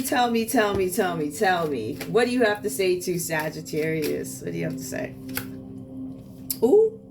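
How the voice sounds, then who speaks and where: A woman doing a tarot reading for viewers, talking in a sassy, outspoken way and asking the cards to speak. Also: mid-range voice. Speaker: tarot reader. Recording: distant mic with loud music behind.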